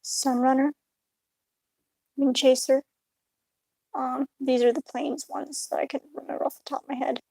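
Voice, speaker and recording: Soft-spoken young woman chatting while drawing. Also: sits high, little pitch movement, normal speed, creaky, long pauses, breathy edge, no room sound, rough recording. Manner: rambling, absent-minded, soft-spoken. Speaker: art streamer. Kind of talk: casual chat with live chat while drawing. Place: indoors, hotel room.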